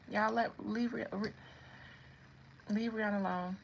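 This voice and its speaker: Chatty woman with a gravelly edge. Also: mid-range voice, a little slow, pauses often, slight background noise, rough recording. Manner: animated, chatty, laughs often, addresses viewers directly. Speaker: channel host. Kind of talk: casual celebrity commentary.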